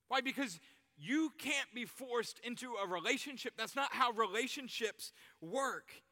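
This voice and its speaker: Bright-voiced man preaching in a hall. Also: extremely high pitch, big pitch swings, a little slow. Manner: conversational preaching with vivid examples. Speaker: youth pastor. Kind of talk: sermon. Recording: reverberant hall.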